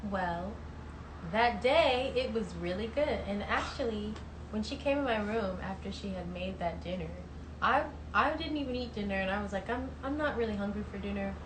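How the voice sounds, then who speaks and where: A woman's voice: medium pitch, lively intonation, moderate pace. Easygoing Southern woman in an echoey room. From American South. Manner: laughing, easygoing. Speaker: singer on a livestream. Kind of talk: casual chat. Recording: echoey room, audible background noise.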